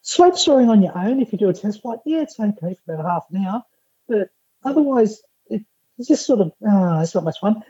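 A male podcast guest tells lively stories in a husky, warm voice. The sound is a dull, lo-fi remote line, dry with no room echo. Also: sits high, fairly quick. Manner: lively anecdotal storyteller. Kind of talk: casual chat.

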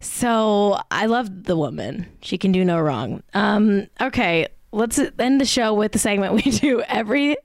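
A woman hosting a casual podcast, ranting in a profane, excitable and mock-outraged way. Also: medium pitch, measured pace, few pauses, no room sound, studio quality. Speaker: podcast host.

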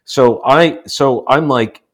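A man in his sixties from the United States, a guest telling personal stories in a relaxed interview and acting out the quotes. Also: slow pace. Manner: animated storyteller, acts out quotes with rising pitch. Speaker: guest, author. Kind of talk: storytelling in a casual interview.

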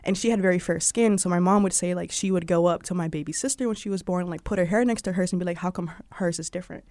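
A young Southern woman from Georgia, USA, speaks fast in a lowish voice, a guest in a chatty interview telling personal stories. She leans on "like" as a filler and acts out quoted voices with animation. The studio-quality recording has no room sound.

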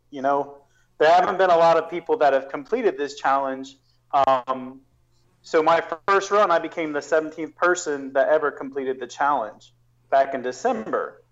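A man's voice, slightly higher than most, comes through a dull, muffled recording. He talks as a podcast guest, working through a long explanation with restarts and fillers. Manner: explains at length with many restarts. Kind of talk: casual podcast conversation.

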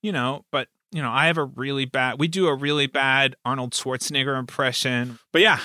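A man who hosts a podcast and runs tabletop games, chatting casually in an animated way and laughing often. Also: mid-range voice, moderate pace, hardly any pauses, no room sound, clean studio sound. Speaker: game master and podcast host. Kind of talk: casual chat.

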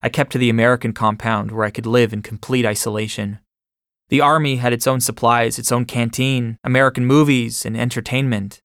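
A man reading a first-person memoir aloud in a measured way. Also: mid-range voice, steady tone, fairly bright tone, clean tone, dry recording, studio quality. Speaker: audiobook narrator.

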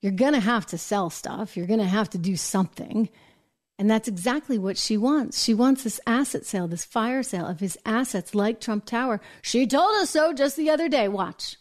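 A woman with a slightly raised pitch hosts an opinionated news commentary show. She talks briskly and emphatically and keeps slipping in sarcastic asides. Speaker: show host and business reporter.

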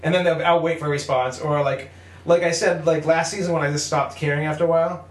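A young man telling gaming stories with a lot of life. He acts out every quote, laughs often and swears freely, and his voice sits a little high for a man. The room has a noticeable echo. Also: fairly even intonation, fast. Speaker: podcast co-host. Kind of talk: casual gaming chat.

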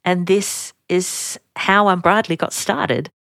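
A middle-aged Australian woman tells her own story as a podcast host, chatty and quick to poke fun at herself. Her voice sits a touch low, and the recording is close and dry with no room sound. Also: vocal fry, a bit bright, dry recording. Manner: chatty, self-deprecating, laughing at herself. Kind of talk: personal storytelling.

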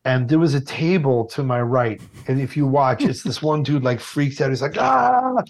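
Male TV food host, mid-pitched, a profane and animated raconteur. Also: moderate pace. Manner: animated, swearing, acts out voices. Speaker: TV food show host, interview guest. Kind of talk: casual interview storytelling.

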